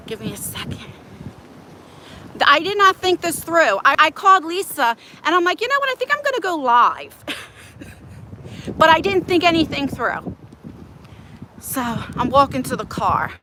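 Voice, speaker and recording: A woman chatting casually with her viewers on a livestream, rambling and greeting people in the chat, filmed on a phone held on a selfie stick, first outdoors in the wind and then in a parked car. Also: high voice. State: out of breath. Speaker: vlogger hosting a livestream.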